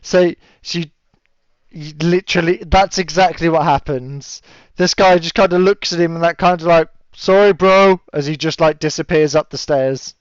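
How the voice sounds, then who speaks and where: A man's voice: a little high, fairly even intonation, moderate pace, no room sound. A man running a tabletop game as game master, chatty and laughing often, with lots of fillers. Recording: dull lo-fi audio.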